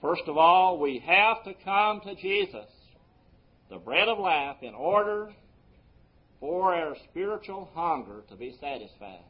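A man pastor preaching a sermon, his voice swelling on key words and dropping low between them. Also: very animated, a little slow, dull audio. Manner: preaching with sweeping rises and drops in loudness.

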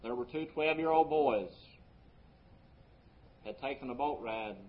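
A man pastor preaching a sermon, his voice swelling on key words and dropping low between them. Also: lo-fi sound. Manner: preaching with sweeping rises and drops in loudness.

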